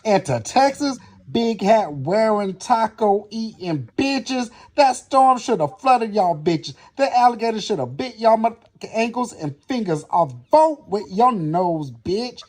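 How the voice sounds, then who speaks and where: A man's voice: sits high, lively intonation, measured pace, few pauses, darkish tone. A man in an angry, profanity-filled rant, hurling theatrical threats and insults in a social media video.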